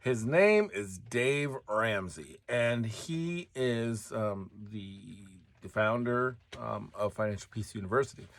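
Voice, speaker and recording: A middle-aged man with a low, grounded voice talks through his thoughts in a casual, earnest solo monologue. He pauses often and fills gaps with small hesitations. The sound is dry and close, with no room around it. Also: a bit bright, no room sound. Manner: earnest, conversational, pausing with fillers. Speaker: host.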